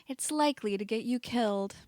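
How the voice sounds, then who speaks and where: A woman's voice: fairly high pitch, brisk, darkish tone, no room sound, clean studio sound, close to an everyday voice. A woman playing a sneering posh young man. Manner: mocking, sarcastic.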